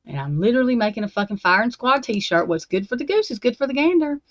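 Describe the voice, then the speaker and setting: A woman's voice: a little high, sing-song, quick pace, a bit bright, no room sound. A woman, hosting a livestream and ranting to her viewers, profane and fired up. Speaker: true crime livestream host. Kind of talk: angry unscripted rant to viewers.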